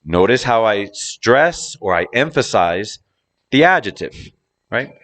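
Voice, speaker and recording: Slow, deliberate male English teacher. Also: on the low side, sing-song, a bit bright. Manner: drawn-out words, exaggerated stress on key words. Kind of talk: slow, deliberate lesson explanation.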